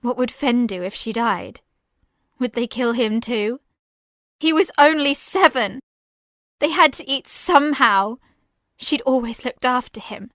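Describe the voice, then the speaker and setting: Slow, measured woman narrator. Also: a little high, a bit bright, no room sound, studio quality. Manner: measured, unhurried storytelling. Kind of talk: scripted audio-drama narration.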